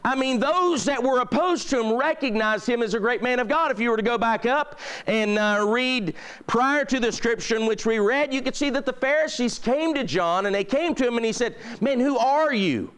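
A man's voice: extremely high pitch, moderate pace, fairly bright tone, clear, resonant tone. A man preaching a sermon, emphatic and repetitive, reading scripture aloud and stressing his points.

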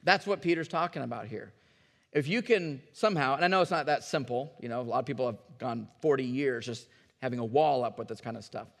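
A man's voice: mid-range voice, fairly quick, gravelly, a bit bright, long reverb tail. A man preaching a sermon as a pastor, talking to the congregation in an earnest, conversational way and often repeating his words.

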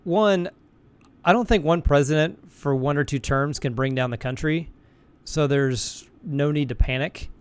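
Brief: male interviewer, plain and measured, a bit high-pitched. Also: clear, resonant tone. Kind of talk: interview questions.

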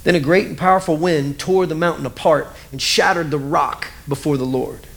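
A middle-aged man preaching a sermon as pastor, conversational and animated, acting out little scenes. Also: fairly high pitch, normal speed, creaky.

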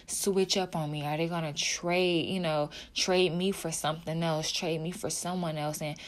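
A woman's voice: low voice, fairly even intonation, moderate pace. Emotional young woman sharing her faith. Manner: heartfelt, repetitive, casual with fillers. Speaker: video creator. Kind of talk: emotional personal faith talk to camera.

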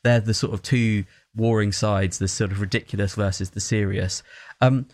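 A man who is not American, giving an animated, opinionated film review in casual chat, with many fillers and restarts. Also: fairly low pitch, normal speed, no room sound.

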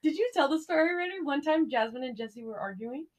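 A woman's voice: sits high, animated, quick pace. A woman in casual chat who giggles often and talks about her boyfriend. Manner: giggly, chatty.

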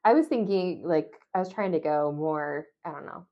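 A woman's voice: sits low, normal speed. A woman co-hosting a trivia podcast, chatting casually with dry, wry asides. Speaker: trivia show co-host. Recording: dull lo-fi sound.

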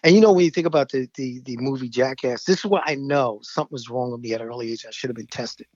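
A man's voice: medium pitch, fast, a little mellow, dry recording. A man in his fifties from the Bronx, co-hosting a podcast and telling stories animatedly, laughing often. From New York (Bronx). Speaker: podcast co-host. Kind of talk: casual chat, storytelling. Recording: dull, dry lo-fi sound.

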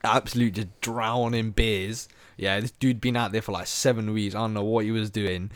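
A young man hosting a podcast, telling travel stories in a lively, slangy way and laughing often. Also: lowish voice, normal speed, clear, resonant tone. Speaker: podcast host. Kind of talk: casual chat, travel storytelling.

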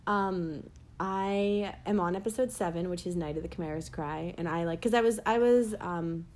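A young woman co-hosting a casual chat, talking in an animated, rambling way and laughing often. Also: on the low side, normal speed. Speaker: podcast co-host. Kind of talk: casual chat about anime.

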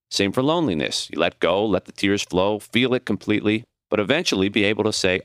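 Man, audiobook narration, deep voice, lively expressive pitch, dry close studio sound. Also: a little fast, few pauses, no echo. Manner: expressive, reflective reading.

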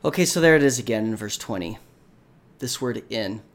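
A man giving reflective, soft-spoken commentary on a scripture discussion. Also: fairly low pitch, expressive, a little fast. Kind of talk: video commentary.

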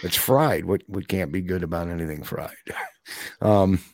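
A chatty man co-hosting a relaxed talk show, his voice sitting on the low side. He laughs often and slips into quick, playful accent impressions. The sound is dry and close, with no room around it. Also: dry recording. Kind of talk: casual chat.

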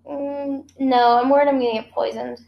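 A woman playing a tabletop game, answering with quick reactions. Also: sits high, flat delivery, creaky, highs cut off. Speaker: player. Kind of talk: casual tabletop game play. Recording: echoey room.

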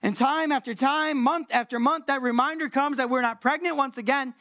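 Her voice sits high and moves a little fast as this woman preacher gives a casual sermon, laid-back and full of slang, with repeated words for emphasis.

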